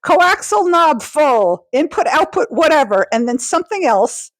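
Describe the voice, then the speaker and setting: A woman co-hosts a podcast in a dry, close-sounding room, and her speech rises and falls in a lively way. She chimes in on the episode recap with quick remarks and puzzled questions. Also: sits high, no echo. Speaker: podcast co-host. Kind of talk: casual chat recapping a TV episode.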